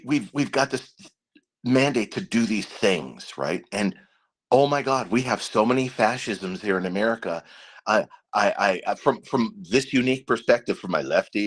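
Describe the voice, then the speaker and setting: A man hosting his own channel, ranting in a casual political monologue, profane and rambling, restarting his words and swinging between muttered asides and excited outbursts. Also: fairly low pitch. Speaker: channel host.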